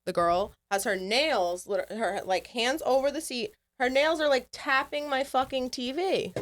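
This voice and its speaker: A woman's voice: sits high, measured pace, a bit bright. A woman co-hosting a podcast, telling travel stories in casual chat, swearing often and acting out the people she quotes. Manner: self-described yapper. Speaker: podcast co-host.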